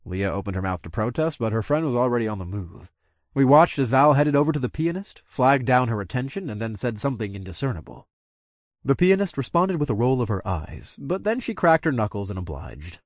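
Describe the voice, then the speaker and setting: A man narrating a first-person story with expressive delivery. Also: mid-range voice, brisk, dry recording, clean studio sound. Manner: expressive, voices every character. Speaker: audiobook narrator.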